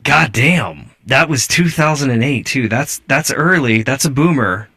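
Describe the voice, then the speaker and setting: A man's voice: mid-range voice, expressive, measured pace, bright, forceful tone. A man hosting a casual podcast, amused and profane as he reviews videos and rambles. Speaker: podcast host.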